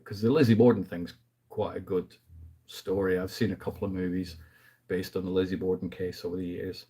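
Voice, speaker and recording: Guy rambling about movies, kinda low husky voice, lots of asides and fillers. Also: mellow. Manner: laughs lightly mid-sentence. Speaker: movie review host. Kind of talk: casual movie review chat.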